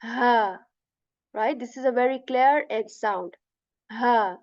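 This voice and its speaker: A woman's voice: fairly high pitch, a little mellow, no echo. Patient woman teaching pronunciation, dull sound. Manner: patient, repeats sounds slowly, many "right?" and "you know" fillers. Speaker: Quran recitation teacher. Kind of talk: step-by-step pronunciation lesson.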